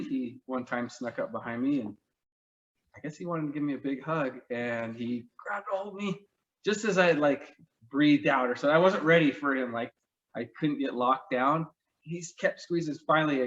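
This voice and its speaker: A man casually telling fond, funny stories about a friend, rambling and laughing as he goes, on a dull lo-fi recording. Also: medium pitch. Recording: dull lo-fi mic.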